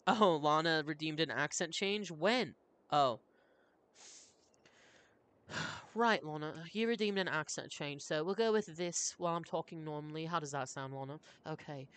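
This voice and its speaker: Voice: mid-range voice, moderate pace, a bit bright, clear, resonant tone. A streamer narrating a story game live, chatting and laughing with viewers between character voices. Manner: chatty, laughing asides to chat. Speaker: streamer and voice reader. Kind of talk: live-streamed game read-through with chat.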